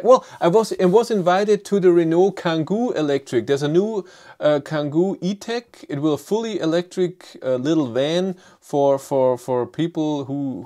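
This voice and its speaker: A middle-aged man with a German accent hosting a live stream. He answers viewer comments in a casual, halting way, with many fillers and restarts, and reads chat questions aloud. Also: fairly high pitch, warm tone. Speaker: livestream host.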